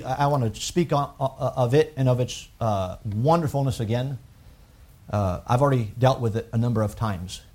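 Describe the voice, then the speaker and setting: A man preaching a sermon, emphatic and swelling to loud peaks on key points. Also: medium pitch. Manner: emphatic, rising to loud peaks when quoting scripture and critics. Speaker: pastor.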